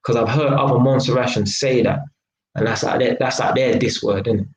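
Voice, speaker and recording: A man tells a casual story on a live stream. He talks in street slang and keeps dropping in tag questions. His voice sits at a middling pitch and rings in a roomy, echoey space. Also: brisk. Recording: roomy echo.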